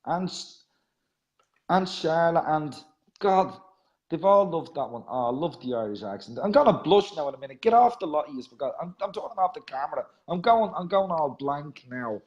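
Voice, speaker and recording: A male radio host who reads rhyming poems with softly trailing line ends, then chats in a self-mocking way between readings. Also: a little high, sing-song, moderate pace, muffled recording. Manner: soft, trailing ends of lines. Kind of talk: reading rhyming poetry and chatting.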